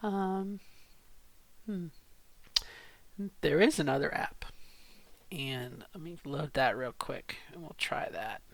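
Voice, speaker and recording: A woman's voice: sits low, lively intonation, slow pace, long pauses, no echo. A middle-aged woman in a casual vlog, thinking aloud in an unsure way and often restarting her sentences. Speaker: vlogger.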